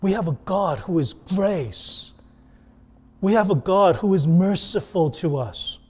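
A man with a high voice delivers a sermon. He preaches earnestly as a pastor, pressing some lines hard and dropping others to a hush. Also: lively intonation, takes it slowly, slightly rough. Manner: earnest preaching, swinging between emphatic and hushed.

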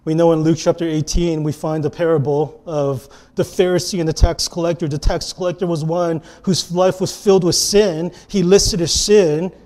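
A man preaching a sermon as a pastor, earnest, moving between emphatic lines and hushed ones. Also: fairly high pitch, fairly even intonation, normal speed, hardly any pauses.

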